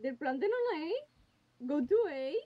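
A woman's voice: sits high, big pitch swings, unhurried, highs cut off. A woman player in heated in-game voice chat, angry and swearing, hurling insults at a teammate.

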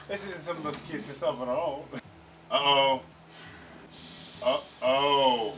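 A man hosting an anime reaction video, talking in an excitable, slangy way and swearing freely. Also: medium pitch, slow, long pauses, a little hiss or hum. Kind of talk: casual reaction commentary. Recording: slightly distant mic, faint show audio.

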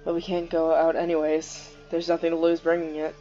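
A woman's voice: sits low, monotone, brisk, few pauses, warm tone. A young woman giving offhand, casual commentary while playing a video game and reading its text aloud. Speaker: let's play gamer. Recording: slightly muffled with faint game music.

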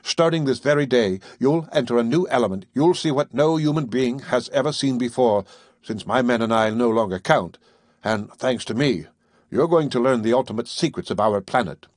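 A secretive submarine captain speaks with cold, measured authority, as a man reads him in an audiobook. The voice is slightly husky and sits at an ordinary male pitch. The sound is dry and close. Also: animated, dry recording, close to an everyday voice. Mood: stern. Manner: measured, commanding, coldly formal. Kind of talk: audiobook character reading.

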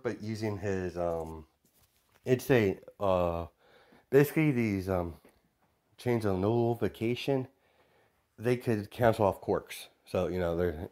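A man's voice: deep voice, darkish tone. A man casually retelling a fan story, rambling with many fillers and restarts.

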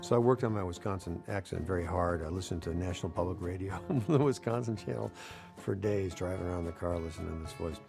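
A man speaks in a low, gravelly voice with a dry, amused storytelling manner. It is a behind-the-scenes interview with music playing underneath. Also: fast, few pauses, darkish tone. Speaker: voice actor.

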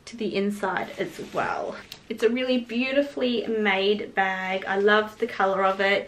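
A woman's voice: mid-range voice, a bit bright. A woman chatting casually to camera in a lifestyle vlog, bubbly and talkative. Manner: bubbly, chatty, coos baby talk to her dog. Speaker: vlogger.

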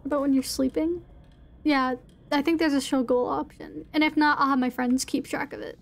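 A woman's voice: high-pitched, fairly even intonation, normal speed, creaky. A young woman streaming a horror game, chatting casually with her chat and swearing now and then.

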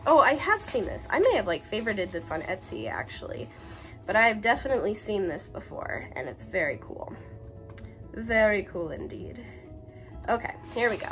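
A woman's voice: medium pitch, very animated, normal speed, fairly bright tone, soft background music. Bubbly woman in her twenties unboxing. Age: 20s. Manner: bubbly, gushing, breaks into brief song bits. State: slightly sick, coughing. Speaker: YouTuber unboxing a swap package. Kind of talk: casual unboxing chat.

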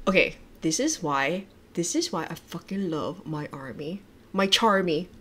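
Gushing, excitable young woman livestreamer. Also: fairly low pitch, measured pace, slight background noise. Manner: gushing, excitable, swears often, trails off and restarts. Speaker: livestreamer reacting to music videos. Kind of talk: casual livestream chat.

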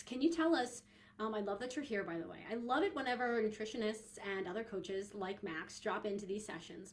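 Chatty, giggly young woman podcaster. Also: mid-range voice. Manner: chatty, giggly, lots of fillers and restarts. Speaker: podcast host and coach. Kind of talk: casual podcast talk.

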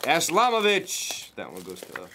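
A man hosting a card break, chatting casually and rattling off pulls with excited running commentary. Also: a little high, moderate pace, slight background noise. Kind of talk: casual chat while opening cards.

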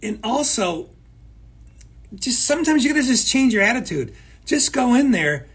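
A man with a high, husky voice co-hosts a talk show. He speaks emphatically in a motivational chat, driving home points by repeating them. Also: big pitch swings, moderate pace, a bit bright. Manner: emphatic, repeats phrases, acts out quoted people. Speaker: co-host.

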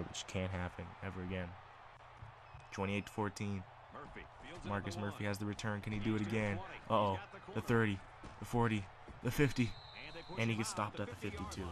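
A man with a voice on the low side commentates his own football video game as casual play-by-play. He gets excitable, calling the plays just like a sportscaster.

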